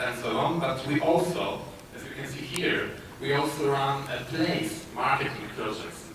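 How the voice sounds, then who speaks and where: A man with a Polish accent giving a conference talk, speaking haltingly with many filler sounds and restarts. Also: mid-range voice. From Poland. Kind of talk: conference presentation. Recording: echoey hall, distant mic, noisy.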